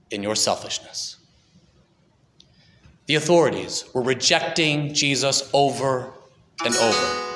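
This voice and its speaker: Male storyteller, dramatic delivery, bright, fairly high voice, reverberant hall. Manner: dramatic, shifts between quick build-ups and slow emphasis. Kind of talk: dramatic scripted narration. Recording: echoey hall with long reverb.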